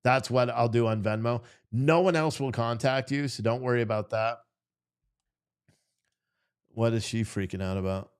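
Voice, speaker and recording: A man's voice: mid-range voice, moderate pace, pauses often, clear, resonant tone. A tired man hosting a live stream, rambling through casual commentary and swearing freely. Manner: rambling and profane.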